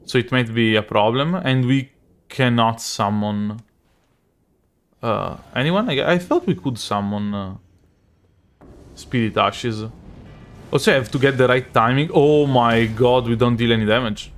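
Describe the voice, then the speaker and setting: A man's voice: medium pitch, measured pace, long pauses. A young Italian man with a strong Italian accent, chatting loosely while he plays a live game and answers his chat, often restarting his sentences. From Italy. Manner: rambling, self-correcting, chatty with chat. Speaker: streamer. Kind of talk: live gameplay commentary.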